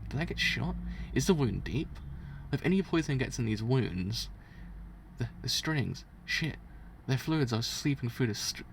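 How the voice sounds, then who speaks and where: A scheming priest villain mutters under his breath, counting prime numbers to stay calm, as a man reads the manga aloud. The voice is mid-pitched with a gravelly edge, and it turns sharp and bossy when he gives orders. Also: slight background noise.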